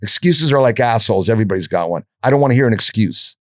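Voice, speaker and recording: A man acting out a gruff, no-nonsense mentor with a low voice who cuts off every excuse. The scolding is blunt and dry, close to the microphone. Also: animated, fast, dry recording, natural voice. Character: tough no-nonsense male smuggler mentor.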